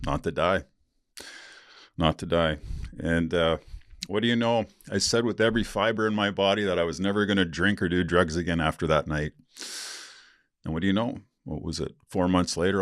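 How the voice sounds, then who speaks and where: A very deep-voiced man hosts a solo podcast in a loose, rambling monologue. He talks candidly and laughs his way through his stories. The recording is close and dry, with no room sound. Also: no room sound. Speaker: podcast host.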